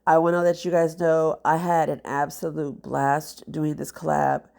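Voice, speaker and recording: A woman's voice: deep voice, level tone, normal speed, creaky, a little mellow. A woman, a mother, talking casually and heartfelt to camera as a nail vlogger, rambling with many fillers and sounding congested. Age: adult with children.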